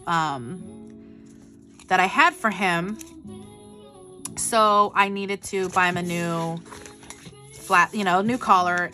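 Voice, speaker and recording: A woman vlogger telling a rambling, animated story in casual chat, full of asides. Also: medium pitch. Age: adult with a child.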